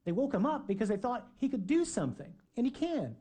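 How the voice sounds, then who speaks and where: Husky-voiced man preaching a sermon. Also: extremely high pitch, big pitch swings, fairly quick. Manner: dramatic, acts out shouted dialogue.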